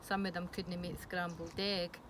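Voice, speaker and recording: A fairly low, flat voice at normal speed belongs to a middle-aged woman with a Scottish accent. She's frank yet hesitant in this candid personal interview, often restarting and saying um, with noisy hiss behind her.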